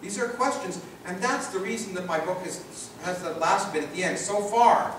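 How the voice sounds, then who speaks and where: Reading from his book at a public lecture, a Canadian-accented man speaks emphatically and rhetorically, stacking up repeated phrases. He has a high, fairly bright voice, a moderate pace and few pauses. Captured far from the mic in an echoey large lecture hall, the audio carries slight background noise.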